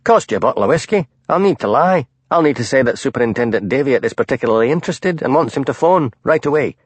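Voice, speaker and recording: A man voicing a quick, scheming detective in an audiobook, speaking brisk and raised. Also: mid-range voice, lively intonation, breathy edge, no echo, pitched above the performer's own voice.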